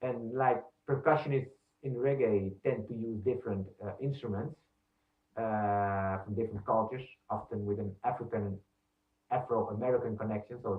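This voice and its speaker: Man in his own voice teaching percussion, counts beats aloud and explains slowly; distant, thin phone-like recording in an echoey room. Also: lowish voice. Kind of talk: instructional demonstration.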